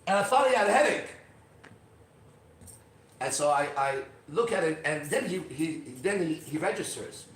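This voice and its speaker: A middle-aged man telling a personal story on a podcast, emphatic and profane, swinging from quiet to loud. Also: on the high side, animated, normal speed, pauses often, recorded from a distance. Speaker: podcast host. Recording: roomy echo, off-mic.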